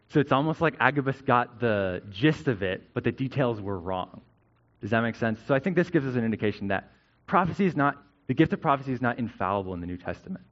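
A man's voice: medium pitch, dull audio. A male pastor giving a conversational sermon, often checking in with "right?" as he teaches.

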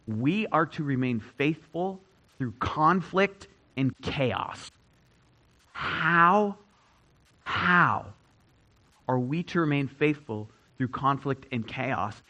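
A man delivers a sermon in a fairly high voice. He stresses his main points by repeating them, rising loud and then falling to a hush. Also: expressive, slow, highs cut off. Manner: emphatic, repeats key phrases, swings between loud and hushed. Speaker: pastor.

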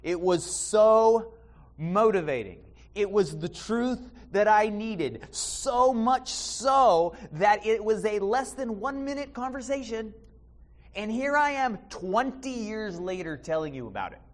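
Male pastor, slightly high, very lively delivery, church sermon with restarts. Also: slow pace. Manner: animated, with repeated restarts and sudden loud emphasis.

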